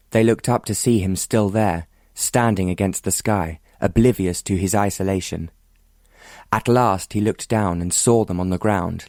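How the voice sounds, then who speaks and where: A male audiobook narrator telling a period romance in an even, measured manner. His voice is low-pitched, and the recording is dry and close with no room sound. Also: no room sound.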